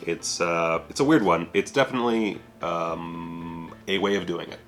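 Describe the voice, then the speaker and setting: A man with a very low, deep voice talking casually through a disc review. He is offhand and self-deprecating and swears now and then. Faint music runs quietly behind him. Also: moderate pace. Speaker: home video reviewer.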